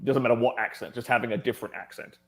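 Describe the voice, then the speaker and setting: An Australian man telling stories as a guest in a casual conversation, animated and laughing often. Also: medium pitch, very fast.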